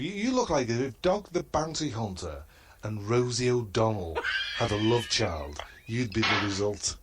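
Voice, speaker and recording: A man doing a comedy roast in a halting, hesitant delivery and chuckling at his own crude jokes. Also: on the low side. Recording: noisy line.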